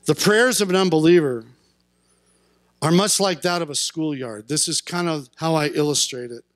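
A male pastor delivering a sermon in a church sanctuary, his voice sitting high for a man. He preaches earnestly and climbs into fervent shouts at the peaks. The sound is close and dry, with little room around it. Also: normal speed, no echo. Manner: impassioned, rising to shouts at peaks.

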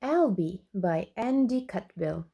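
A woman reading a picture book aloud to children in a slow, gentle, expressive way. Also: medium pitch, husky. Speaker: children's storyteller.

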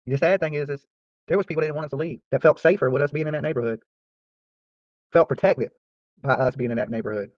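Fast-talking profane man ranting. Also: on the high side, no room sound. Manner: profane, boastful, trash-talking. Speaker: YouTube channel host. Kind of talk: casual rant to viewers. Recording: dry, slightly dull lo-fi sound.

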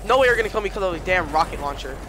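Young guy streaming a game, high lively voice jumping all over, lots of cursing, game noise behind. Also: racing. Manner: excitable, swears a lot, yelps and shouts in reaction. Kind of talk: live gameplay commentary.

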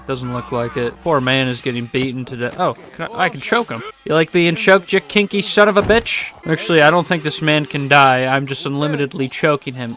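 A man giving casual gameplay commentary, sarcastic and excitable, yelling and swearing at what happens on screen. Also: mid-range voice. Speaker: gaming channel host. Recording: over loud game music. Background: game music.

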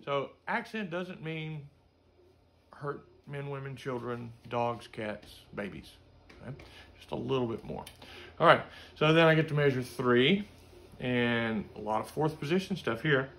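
Teaching music in a relaxed way, this middle-aged man sings out note syllables to demonstrate passages. He speaks a little slowly, with lively intonation and a creaky, fairly bright, medium-pitched voice.

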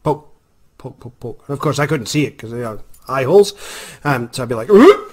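A Scottish man and author telling a comic story to camera in a wry, animated way. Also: medium pitch, brisk, slightly rough. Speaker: vlogger, author.

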